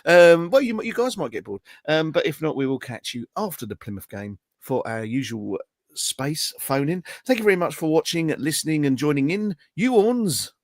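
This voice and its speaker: Guy hosting a podcast, talks fast and bouncy, dry close sound. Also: fairly high pitch, big pitch swings, no room sound. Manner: teasing, quick banter. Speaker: podcast host. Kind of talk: casual chat. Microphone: podcast microphone.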